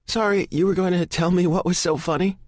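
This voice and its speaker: Audiobook: male narrator doing young woman, raised pitch, dry booth sound. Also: steady tone, fairly quick, dry recording, close to an everyday voice. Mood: cheerful. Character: young woman, mother, carefree then terrified. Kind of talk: audiobook character voice.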